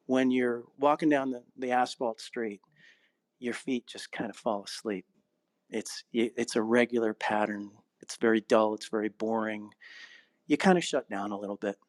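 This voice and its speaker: A man who is an actor, narrator and acting coach, talking reflectively in an interview and telling stories with a laugh, slowing down on key phrases. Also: mid-range voice, dry recording. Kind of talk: casual interview conversation.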